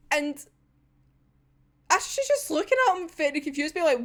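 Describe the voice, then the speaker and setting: High, lively woman swearing freely. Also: unhurried, pauses often. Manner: sweary, laughs often, animated. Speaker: manga reviewer. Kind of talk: casual reaction chat.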